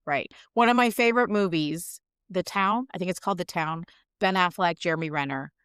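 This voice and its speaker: A woman's voice: fairly low pitch, brisk, a bit bright, clean tone, no room sound, clean studio sound. A woman co-hosting a podcast in casual chat, frank and swearing, venting with laughter. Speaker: podcast co-host.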